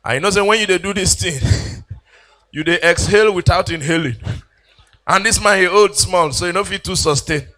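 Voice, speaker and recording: A Nigerian man doing animated stand-up comedy on a church event stage, mixing in Pidgin and mimicking people. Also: high voice, normal speed.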